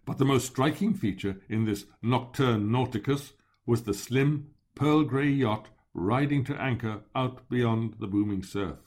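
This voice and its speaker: A man reads a first-person memoir aloud at a measured, even pace. His voice sits at a middling pitch and he lingers on descriptive passages, giving the storytelling a steady, deliberate feel. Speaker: narrator.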